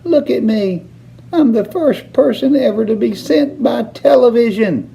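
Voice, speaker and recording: A man voicing a tiny, bratty shrunken boy with a squeaky, whiny voice in a storybook reading. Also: expressive, unhurried, creaky, mellow, slight background noise, heavily acted, low-quality recording. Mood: bragging squeaky.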